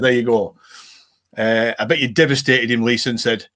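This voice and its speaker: Northern english bloke hosting a live chat, rambles a lot, loads of uhs. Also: male voice, mid-range voice, fairly even intonation, normal speed, fairly bright tone. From northern England. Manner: rambling, lots of fillers and restarts. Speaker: live stream host. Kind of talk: casual live chat reading comments.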